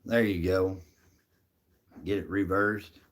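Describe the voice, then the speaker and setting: A middle-aged man with a fairly low voice talks casually on a live stream. He is folksy and chatty, reading out viewers' names and answering each of them in an easygoing way. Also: level tone, slow. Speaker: livestream host reading chat.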